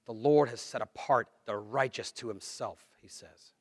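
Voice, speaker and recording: A man preaching a sermon, earnest and conversational, swinging between quiet, low asides and louder, emphatic lines. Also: moderate pace, husky, dry recording, studio quality. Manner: earnest, conversational preaching with dramatic dips and swells. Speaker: pastor.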